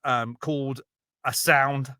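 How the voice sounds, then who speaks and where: A man telling a Bible story as a rambling, profane, jokey comedy podcast bit, slipping into quick character voices. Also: mid-range voice, steady tone, sharp tone, clear, resonant tone, no room sound, studio quality.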